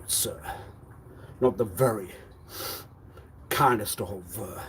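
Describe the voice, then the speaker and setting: A man's voice: on the low side, takes it slowly, slight background noise. A man on a live stream, talking in an insistent, repetitive way and firing accusing, demanding questions. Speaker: livestreamer.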